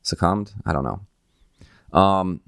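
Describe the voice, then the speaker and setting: A man with a very low, smooth and resonant voice talking through a tribute in a relaxed, reflective way. The sound is dry and close. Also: measured pace, no room sound. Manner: reflective, conversational, with fillers. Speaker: host of a tribute video. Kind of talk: casual commentary.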